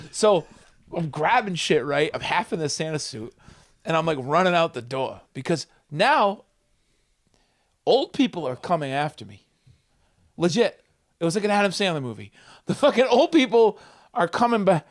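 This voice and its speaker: A man, a comedian guest on a podcast, telling a story with a profane, excitable manner and loud acted-out quotes. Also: high-pitched, normal speed. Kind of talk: animated storytelling. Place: podcast studio.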